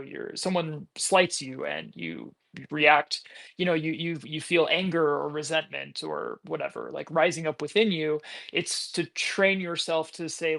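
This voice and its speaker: A man co-hosting a roundtable podcast, talking in a quick, digressive way and often checking in with "right?". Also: on the high side, gravelly, fairly bright tone. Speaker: podcast co-host. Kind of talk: casual roundtable discussion.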